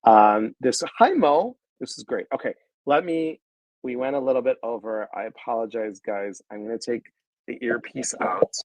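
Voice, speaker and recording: A man hosting a casual wellness livestream, effusive and heartfelt as he speaks straight to his viewers. His voice sits at an everyday middle pitch. The sound is close and dry, with no room around it. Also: lively intonation, moderate pace, dry recording, low-quality recording. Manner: effusive and heartfelt, retelling conversations with quoted voices; talks straight to viewers, greeting them by name.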